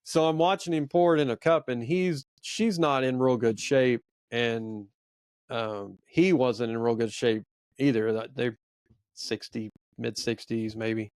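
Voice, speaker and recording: A man's voice: medium pitch, fairly even intonation, a little slow, darkish tone, clean tone, no room sound, studio quality. Earnest middle-aged man telling a story. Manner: earnest, rambling, self-reflective. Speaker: podcast co-host. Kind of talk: casual storytelling chat.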